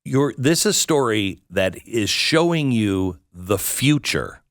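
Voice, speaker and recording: A man hosting an interview show, talking haltingly with many fillers and restarts. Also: lowish voice, lively intonation, no echo, clean studio sound. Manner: halting, stumbles over words with many fillers. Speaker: radio talk show host.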